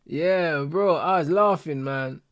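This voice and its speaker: Animated man, dry close sound. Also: fairly high pitch, no echo. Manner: animated slang-heavy banter, laughing. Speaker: host of a football watch-along stream. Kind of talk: casual stream chat.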